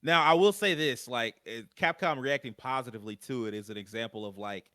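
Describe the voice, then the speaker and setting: A man co-hosting a gaming podcast in a relaxed, rambling, wry casual chat. His voice is bright and forceful, and the sound is dry and close. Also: mid-range voice, a little fast, dry recording. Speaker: podcast co-host.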